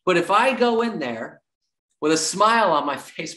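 Guy running a high energy sales training, voice bouncing all over, acts out client chats, repeats his points. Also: normal speed. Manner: animated, acts out little dialogues with clients; repeats key points like a coach. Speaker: real estate sales trainer.

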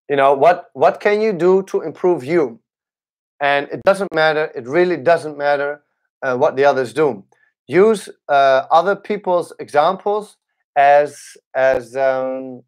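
A young man, a capoeira teacher, chatting casually on a livestream, halting and restarting his sentences often. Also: a little high. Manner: halting, with many restarts and fillers. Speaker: capoeira instructor.

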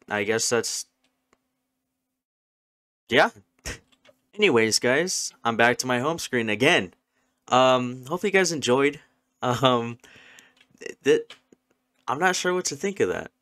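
A man's voice: medium pitch, fairly bright tone, no echo, clean studio sound. A young man giving nervous, swearing commentary while playing a horror game. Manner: jumpy, swearing, nervous chatter. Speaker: gaming YouTuber.

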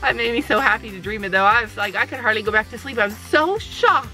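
Chatty mom vlogging outside at a barn, highish bright voice, excited and laughing a lot. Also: female voice, faint music behind. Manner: excited, chatty, talks fast with likes and laughs. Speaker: vlogger mother. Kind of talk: casual vlog chat. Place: outdoors at a horse barn.

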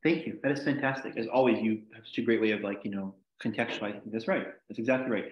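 A man's voice: on the low side, fairly even intonation, fast talker. A man teaching a casual logic class, rambling with many "like"s and restarts. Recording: echoey room, dull lo-fi sound.

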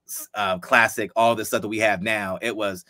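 A man in his fifties from Ohio with a lowish, bright, forceful voice. He tells animated stories in a casual interview and acts out each line of dialogue. The sound is dry and close. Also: moderate pace, no room sound. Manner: animated storyteller who acts out quoted dialogue. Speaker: guest, former football player.

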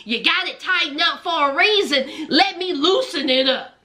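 A woman putting on a smooth-talking man coaxing his wife in a low voice. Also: expressive, moderate pace, bright, forceful tone.

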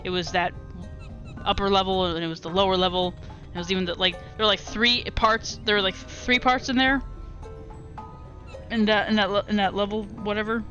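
A woman chatting casually while streaming a game live, rambling and excitable as she talks to viewers. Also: mid-range voice, moderate pace, dull audio, soft background music. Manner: rambling and excitable, restarts and laughs often. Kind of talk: casual live gameplay commentary.

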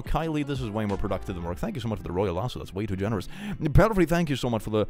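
A young man hosts a casual livestream. He reads viewer messages aloud and thanks supporters. His voice sits on the low side and swings animatedly up and down. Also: big pitch swings, rapid-fire, a little mellow, faint music behind. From Sweden.

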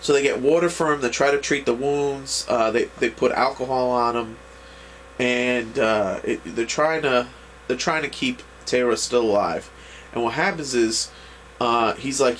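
A man's voice: mid-range voice, a bit bright. Guy retelling an anime episode, lots of restarts and uhs, a bit of noise in the background. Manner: rambling, halting recap with many restarts and fillers. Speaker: anime reviewer. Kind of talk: casual episode recap.

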